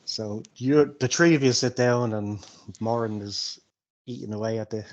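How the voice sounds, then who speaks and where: A man leads a tabletop game as game master, describing scenes in a relaxed, jokey manner. His voice sits at an ordinary middle pitch. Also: moderate pace, muffled recording.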